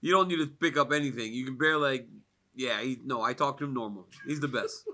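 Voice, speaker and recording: A man's voice: mid-range voice, fast talker. A man from the United States speaking at a fight media day, telling stories casually with many fillers and frequent laughs. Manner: animated storyteller, laughs often, many "like" fillers.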